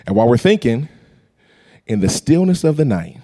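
A man preaching a storytelling sermon, animated and acting out voices and sounds. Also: medium pitch, moderate pace. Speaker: pastor.

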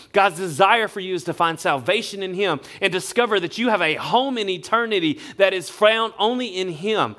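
A male pastor, preaching a sermon in a relaxed, conversational storytelling way. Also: high voice. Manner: conversational storytelling, acts out quotes.

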